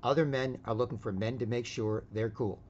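A man's voice: mid-range voice, steady tone, fairly quick, a little mellow, a little hiss or hum. A man hosting an online voice chat who rants loosely and keeps tagging his lines with "right?". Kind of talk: rambling casual rant. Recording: dull lo-fi audio.

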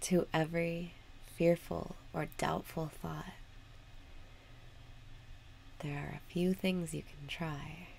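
A woman guiding a meditation with calm, unhurried spoken instructions. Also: low voice, creaky, slight background noise. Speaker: meditation guide. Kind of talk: guided meditation.

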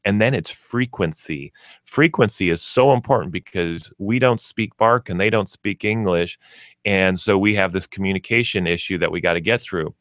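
A man's voice: deep voice, normal speed, a bit bright, no echo, studio quality. A man speaking as a pet store expert on a radio talk show, explaining with everyday examples. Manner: explanatory, uses everyday examples and acts out pets. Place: radio studio.

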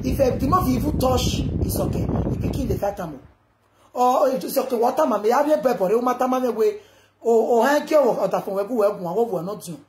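Woman, Nigerian accent, live video rant, loud and rambling, Pidgin mixed with local languages, echoey room, noisy background. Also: a little high.

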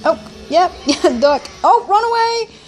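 A woman YouTuber giving casual reaction commentary on a cartoon, giggling often and calling out excited exclamations. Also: very high voice, unhurried, slight background noise.

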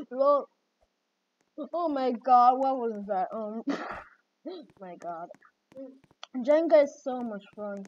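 A woman hosting gameplay commentary, excitable and reacting with repeated exclamations. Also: on the high side. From Jamaica. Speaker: gaming channel host. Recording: dull lo-fi mic with faint noise.

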